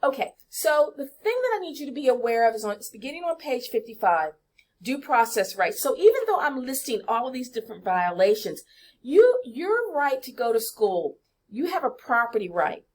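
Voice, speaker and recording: A woman's voice: a little high, big pitch swings, moderate pace, a little mellow. A woman, walking students through college rules in an emphatic, chatty lesson that speaks to them directly. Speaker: college orientation presenter. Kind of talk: screen-share walkthrough lesson.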